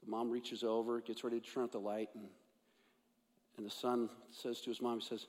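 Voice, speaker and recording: A man's voice: mid-range voice, level tone, a little fast, darkish tone. A man preaching a sermon as pastor, earnest, repeating key phrases for emphasis. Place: church sanctuary. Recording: long hall reverb.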